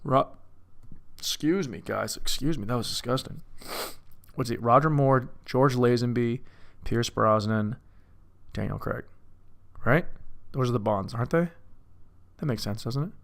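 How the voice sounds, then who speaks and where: Alone in a room, a man gives a casual film review, rambling, swearing, and poking fun at himself. His medium-pitched voice is fairly bright and creaky, unhurried, with long pauses.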